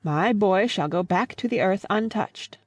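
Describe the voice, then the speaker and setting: Woman as grieving old father, gentle, pleading, audiobook, dry close sound. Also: mid-range voice, a little slow, no room sound, close to an everyday voice. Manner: earnest, pleading. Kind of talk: audiobook reading.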